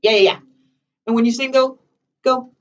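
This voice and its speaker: A woman's voice: fairly high pitch, fairly even intonation, moderate pace, far from the mic. A woman leads a singing lesson, chatty and encouraging, sometimes singing short examples. Her voice comes from a camera set well across the room and sounds dull and muffled. A piano plays now and then in the background. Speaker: voice teacher.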